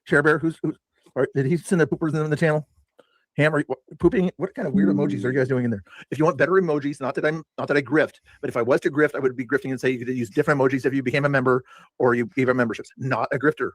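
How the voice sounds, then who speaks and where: An older man with a mid-range voice streams and rambles to his viewers about a past stream in a chatty, self-mocking way. The recording is dry.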